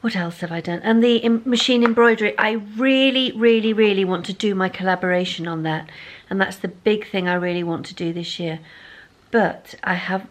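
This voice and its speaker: Chatty woman sewing vlogger, lowish voice. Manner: chatty, rambling, self-deprecating. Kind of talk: casual vlog chat. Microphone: phone.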